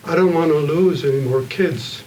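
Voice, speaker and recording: A man addresses a gathered audience in an earnest, plain-spoken way, pausing often between thoughts. His voice sits a little high for a man. The mic is set well away from him, with a soft hum of room noise underneath. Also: far from the mic, low-quality recording. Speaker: panel speaker at a community evening. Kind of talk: heartfelt public storytelling.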